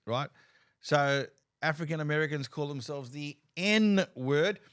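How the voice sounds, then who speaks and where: Animated male comedian, casual chat. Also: fairly high pitch, unhurried, clear, resonant tone. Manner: animated storyteller, repeats and restarts while gesturing with his voice. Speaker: comedian and show host. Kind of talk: casual conversation.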